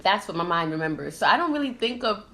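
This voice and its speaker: A woman's voice: medium pitch, very animated, fast talker, a bit bright. A woman who grew up in Trinidad, hosting a casual podcast while eating and chatting, laughing easily and talking with her mouth full. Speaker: podcast host.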